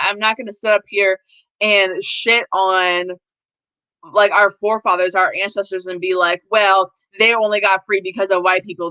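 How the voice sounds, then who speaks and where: A woman's voice: medium pitch, bright, forceful tone, dry recording, low-quality recording. A woman hosting a casual political live stream, talking bluntly and animatedly with plenty of profanity. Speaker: host.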